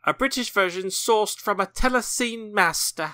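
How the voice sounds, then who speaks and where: A man's voice: high voice, moderate pace, sharp tone, no echo, studio quality. A man co-hosting a horror film podcast, casually chatting and reading out release details with offhand asides. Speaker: podcast co-host. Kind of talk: casual chat.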